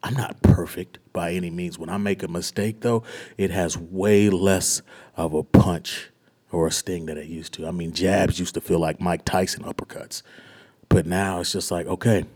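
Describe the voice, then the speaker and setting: A young man with a deep, low-pitched voice tells his story as a pastor giving a testimony to a small group. He speaks earnestly and searchingly, his voice often sinking to a quiet, near-whispered hush. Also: fairly even intonation, normal speed.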